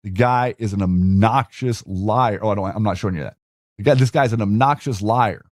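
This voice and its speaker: A man's voice: fairly low pitch, normal speed, darkish tone, no room sound, studio quality. A man hosting a show, talking casually while screen-sharing, with rambling restarts and rhetorical questions. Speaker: host.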